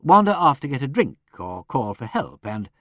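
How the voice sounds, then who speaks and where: A man's voice: medium pitch, very animated, normal speed, fairly bright tone, no echo, clean studio sound. A man reading an audiobook, voicing a woman detective novelist who speaks in an offhand, practical way.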